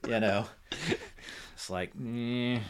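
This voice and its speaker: A man's voice: deep voice, unhurried, background noise. A middle-aged man chatting casually as a podcast guest, rambling with many fillers and restarts. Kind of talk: casual conversation about music.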